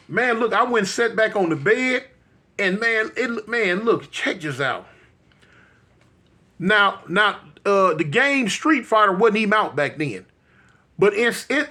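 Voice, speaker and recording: A man's voice: high voice, lively intonation, unhurried, bright, forceful tone. A man in his fifties telling a comic personal story in a colloquial way, talking straight to his listeners and acting out the scenes with vocal sound effects and exclamations. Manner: addresses listeners directly, colloquial.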